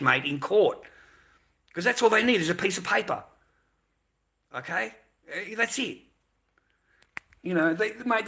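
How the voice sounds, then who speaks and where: A man's voice: high-pitched, vocal fry, fairly bright tone. A middle-aged man with an Australian accent, ranting in a sarcastic, mocking monologue full of swearing.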